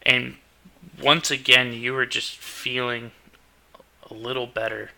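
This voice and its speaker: Male game master, slow and gravelly, bright edgy tone, relaxed narration. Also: mid-range voice, slight background noise. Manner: unhurried narration with restarts and fillers.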